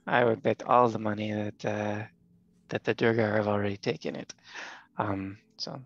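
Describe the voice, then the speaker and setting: A man's voice: lowish voice, little pitch movement, moderate pace, dry recording, dull audio. A man playing in a tabletop game, chatting casually and jokily. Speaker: player.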